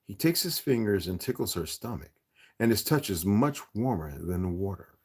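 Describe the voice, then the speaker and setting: Husky man reading a novel aloud. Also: fairly low pitch, normal speed. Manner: self-correcting, expressive reading. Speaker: reader.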